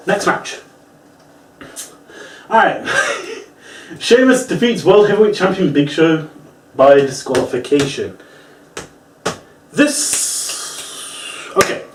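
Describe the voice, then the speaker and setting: Male vlogger, lively rant, swears a lot, a bit high-pitched, echoey room, sits back from the mic. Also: slight background noise. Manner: animated, swears often, acts out moves and quotes. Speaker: wrestling reviewer. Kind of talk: casual ranting review. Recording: roomy, distant from the mic.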